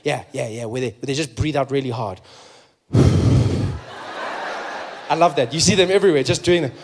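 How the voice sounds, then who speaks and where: Playful South African comedian. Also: male voice, medium pitch, quick pace, slight background noise. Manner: conversational, playful, acts out voices. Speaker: stand-up comedian. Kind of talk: stand-up routine.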